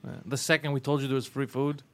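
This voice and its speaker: A man's voice: mid-range voice, level tone, quick pace, fairly bright tone. A man hosting a casual comedy podcast in a studio, joking and laughing often as he talks. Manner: laughs often, jokey impressions of others. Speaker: podcast host.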